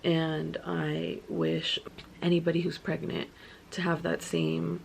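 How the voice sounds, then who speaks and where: A woman's voice: sits low, completely flat delivery, slow pace, creaky, a little hiss or hum. A young woman vlogger telling her story in a casual, chatty way, full of filler words.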